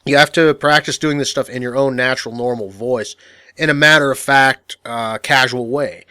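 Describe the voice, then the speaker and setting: A man's voice: medium pitch, fairly even intonation, moderate pace, pushed and bright, clean tone, no echo, clean studio sound. A man teaching an instructional audio course in a matter-of-fact, casual way, full of fillers and restarts. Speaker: dating coach.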